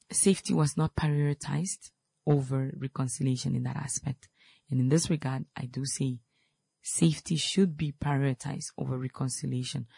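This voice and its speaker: A man's voice: on the high side, vocal fry, a little mellow, breathy edge, no echo. A man hosting an advice show, speaking earnestly about family conflict and repeating his key points for emphasis. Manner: quotes scripture, then explains it plainly. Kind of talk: advice talk.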